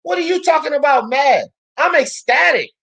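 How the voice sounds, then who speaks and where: A woman hosting a sports talk show, ranting loudly and profanely about boxing, often shouting. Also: sits high, lively intonation, normal speed. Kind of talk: heated boxing commentary rant.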